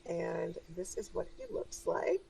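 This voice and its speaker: A woman's voice: lowish voice, very animated, measured pace, creaky, warm tone, distant mic, a little hiss or hum, low-quality recording. A woman narrating a tabletop game as game master, in a casual, hesitant way with many fillers.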